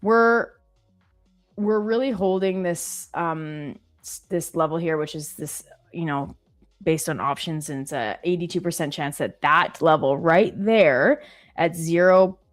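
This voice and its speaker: A woman's voice: low-pitched, measured pace, faint music behind. A woman in her thirties hosting a live trading stream, chatting casually and telling stories with many fillers.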